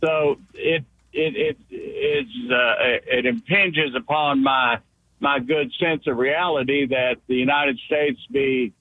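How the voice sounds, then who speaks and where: A man's voice: mid-range voice, slow. Folksy older man on a tinny phone line. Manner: folksy and blunt, lecturing. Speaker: caller. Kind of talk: call-in radio comment. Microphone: telephone.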